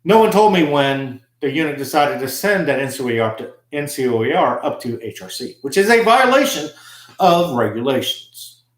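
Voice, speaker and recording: A man's voice: medium pitch, big pitch swings, moderate pace, roomy sound. A man who served in the army, telling a story in an aggrieved, emphatic monologue. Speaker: army veteran vlogger. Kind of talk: casual monologue.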